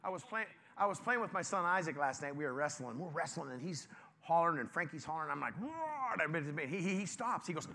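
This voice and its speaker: Bright, high-voiced preaching man. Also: fast talker, a little hiss or hum. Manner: lively, conversational, joking with the congregation. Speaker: pastor. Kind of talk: informal sermon to a congregation.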